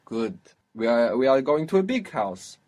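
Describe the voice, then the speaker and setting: A man's voice: mid-range voice, sing-song, moderate pace, darkish tone. A man teaching a spoken language lesson, patiently explaining pronunciation and prompting his student.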